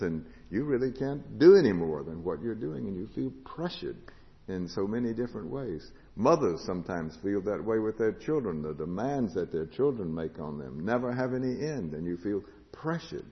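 Lower-voiced man preaching in a reverberant hall. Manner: rises to loud proclamation, drops to hushed tones; asks the congregation questions. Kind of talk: sermon. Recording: lo-fi recording with long hall reverb.

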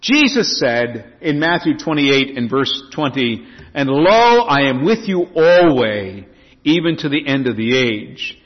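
This man preaches as a pastor at a somewhat slow pace and medium pitch, reading and explaining scripture while his emphasis rises and falls with energy. The audio is dull and lo-fi, set in a reverberant hall.

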